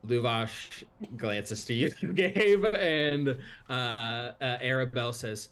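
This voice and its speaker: A man narrating as game master, halting with many fillers. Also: mid-range voice, fairly bright tone.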